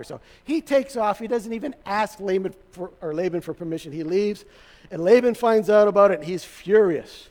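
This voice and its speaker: Preaching to his congregation, a high-voiced male pastor delivers a sermon, spinning the story in a relaxed, funny way. He talks at a normal speed with a darkish tone, and a long hall reverb trails his voice.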